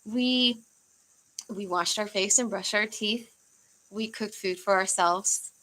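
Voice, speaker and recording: A woman's voice: medium pitch, takes it slowly, sharp tone, rough recording. A young woman from the United States chatting casually on a livestream, rambling with fillers and easy laughs. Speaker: livestream host.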